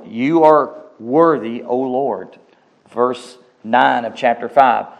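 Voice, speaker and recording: Slow, emphatic male preacher. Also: medium pitch. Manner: slow, emphatic preaching with rising outbursts and repeated phrases. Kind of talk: sermon.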